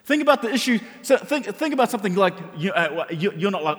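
A pastor preaches animatedly and conversationally, frequently restarting his sentences, in a high-pitched voice with big pitch swings and a quick pace. The hall gives the recording a long reverb.

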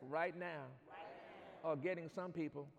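A man preaching a sermon in a church, reading scripture and calling on the congregation to answer back, building to loud shouts. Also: a little high, fairly even intonation, measured pace, vocal fry, muffled recording, crowd noise. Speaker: pastor. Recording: long hall reverb.

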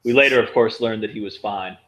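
A man's voice: lowish voice, brisk, a bit bright, a little hiss or hum, poor audio. A man co-hosting a casual sports podcast, making dry, understated quips. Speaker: podcast co-host.

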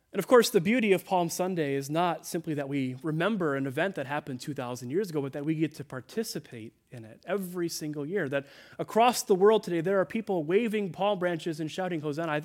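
Man preaching a sermon, slightly higher voice. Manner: earnest preaching, dropping soft on quoted words. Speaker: pastor. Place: church sanctuary.

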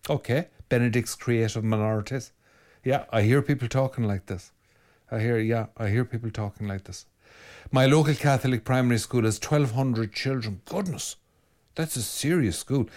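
An Irish priest talks straight to his listeners, reading out their comments and answering them frankly. His voice sits on the low side for a man. He speaks with animated emphasis and doesn't soften his opinions. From Ireland. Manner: blunt, animated, reads comments aloud then answers them.

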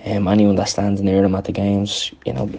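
A man's voice: lowish voice, completely flat delivery, normal speed, creaky, dark tone, slightly rough. A young man telling stories casually, rambling with lots of ums. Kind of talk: casual storytelling chat.

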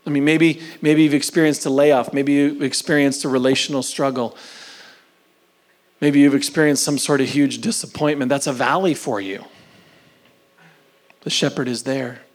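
A pastor preaches a sermon, shifting between loud emphatic lines and soft whispers and stretching key words out slowly. His voice is a little high, with fairly even intonation.

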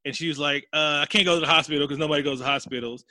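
A man's voice: a little high, fairly even intonation, racing, sharp tone, no echo. A man hosting a casual comedy podcast, profanely recapping a movie and acting out the characters' lines.

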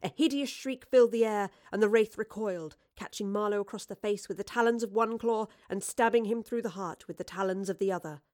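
Woman storybook narrator, brisk, mid-pitched. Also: darkish tone.

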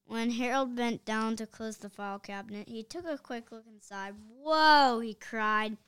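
A woman reading a children's book aloud, expressive and deliberate. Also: on the high side, clear, resonant tone. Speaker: reader.

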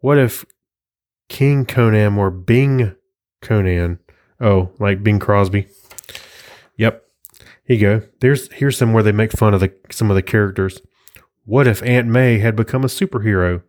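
A man's voice: on the low side, measured pace, long pauses, a little mellow. A man hosting a casual solo podcast, rambling and chuckling as he flips through an old comic and reads captions aloud. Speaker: podcast host.

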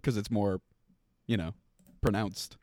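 A man's voice: fairly low pitch, steady tone, a little slow, a little mellow, no room sound. A man co-hosting a podcast, riffing playfully and laughing often in casual chat. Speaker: podcast co-host.

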